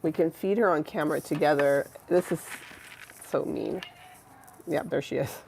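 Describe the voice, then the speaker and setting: A young woman with a low, gravelly voice chats casually to her livestream viewers. She rambles with lots of fillers and restarts, and her tone stays affectionate. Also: moderate pace, darkish tone, a little hiss or hum. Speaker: livestream host.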